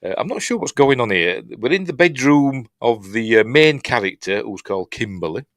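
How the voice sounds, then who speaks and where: A man's voice: medium pitch, expressive, normal speed, fairly bright tone, no room sound, studio quality. A man with a Yorkshire accent hosting a casual, rambling film review, chatty and self-mocking with lots of fillers and restarts. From Yorkshire, England.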